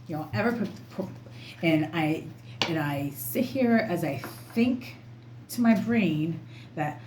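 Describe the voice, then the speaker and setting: A woman's voice: on the low side, expressive, slow pace, a little mellow. A woman tarot reader talking casually to camera in an emphatic, rambling, outspoken way. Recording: echoey room, faint background noise.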